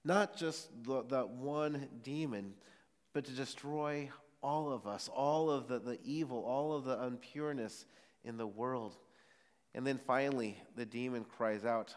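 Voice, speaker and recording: A man preaching a sermon in a church, speaking earnestly and often restarting his phrases mid-thought. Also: mid-range voice. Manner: earnest, with frequent halting restarts. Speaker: pastor. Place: church sanctuary. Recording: long hall reverb.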